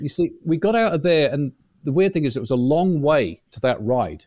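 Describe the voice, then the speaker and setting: A man guest telling long, lively anecdotes in a casual interview, acting out quotes as he goes. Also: fairly high pitch, fairly quick, no room sound, studio quality. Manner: chatty, animated storyteller, acts out quotes. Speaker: guest, former reality show butler.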